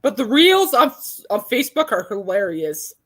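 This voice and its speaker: A woman's voice: medium pitch, sing-song, normal speed. A young adult woman hosting a podcast in casual chat, rambling and laughing often. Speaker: podcast host.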